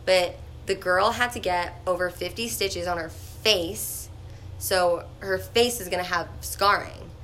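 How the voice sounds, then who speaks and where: A young woman telling a personal story in a casual, chatty vlog, full of "like" fillers and animated retellings. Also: fairly low pitch, measured pace, a little hiss or hum. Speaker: vlogger.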